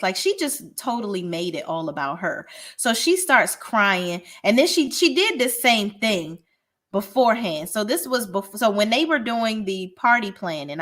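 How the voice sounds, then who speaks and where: Reviewing reality TV, this woman gives a loose, foul-mouthed and frank rundown of the show, often backtracking to restart what she's saying. Her voice sits in the middle range with a fairly bright tone.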